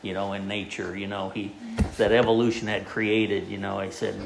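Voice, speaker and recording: A man preaching a sermon in a folksy, halting way, with many fillers and restarts as he tells a joke. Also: lowish voice, little pitch movement, vocal fry, roomy sound, noisy background.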